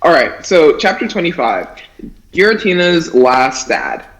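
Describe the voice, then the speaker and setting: A young man co-hosting a comedy podcast, chatting casually with quick, laughing reactions. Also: fairly high pitch, very animated, a bit bright, poor audio. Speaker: podcast co-host.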